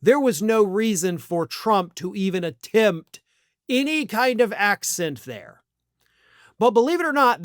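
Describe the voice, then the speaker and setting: A man's voice: sits high, no room sound, studio quality. A man hosting a political commentary show, talking in a scornful, emphatic monologue with some restarts.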